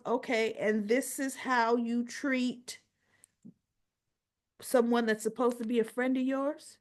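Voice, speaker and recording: A woman hosting a casual soap opera recap, retelling scenes and acting out the characters' lines. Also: high-pitched. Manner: animated storyteller, acts out quoted dialogue.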